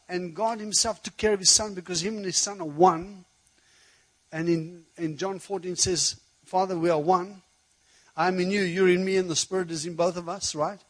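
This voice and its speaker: A man preaching a sermon, telling a personal story in a conversational, animated way. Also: high voice, poor audio.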